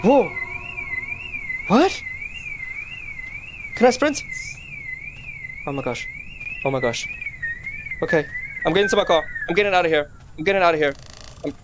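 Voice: mid-range voice, wildly swooping pitch, measured pace, long pauses, loud music behind the voice. A channel host giving jumpy, nervous let's-play commentary on a horror game, repeating phrases when scared.

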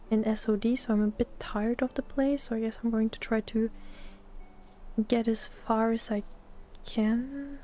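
A young German woman with a German accent, chatting softly and often half-whispering in a relaxed ASMR gaming stream, close to the mic. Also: on the high side, a little hiss or hum. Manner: often half-whispered, relaxed, answers chat between gameplay. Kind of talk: soft-spoken ASMR gaming stream chat. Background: faint lo-fi music.

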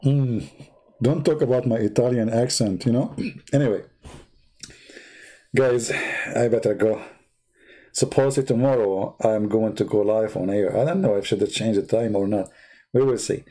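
A man hosting a livestream, retelling a story in a mocking, animated way and speaking broken, non-native English. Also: normal speed, pauses often, breathy edge. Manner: mocking, animated storytelling with big pitch swings. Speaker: livestream host. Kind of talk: casual livestream commentary.

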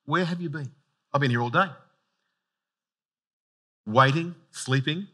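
A man's voice: on the high side, unhurried, pushed and bright. A man voicing an entitled house cat, complaining that its dinner is late. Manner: sulky, complaining.

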